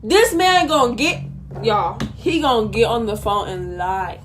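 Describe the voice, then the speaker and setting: A woman's voice: on the high side, measured pace, a little hiss or hum. A young woman telling a storytime vlog in an indignant, sassy way, with asides to her viewers. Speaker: vlogger.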